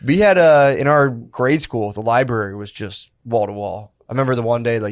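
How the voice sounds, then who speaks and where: A man's voice: medium pitch, a little fast, dry recording, studio quality. A man co-hosting a casual comedy podcast, laid-back and laughing often, saying "dude" a lot. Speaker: podcast co-host.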